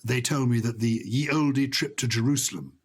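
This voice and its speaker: A man's voice: mid-range voice, moderate pace, breathy edge. A man co-hosting a podcast, chatting playfully and telling anecdotes. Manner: playful, storytelling, acts out quoted lines. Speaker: podcast co-host. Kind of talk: casual chat.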